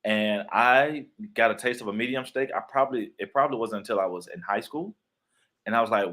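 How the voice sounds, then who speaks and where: Fairly low-pitched but pushed and bright, the young actor-author talks briskly in a casual interview. He's a playful storyteller who voices the people in his anecdotes.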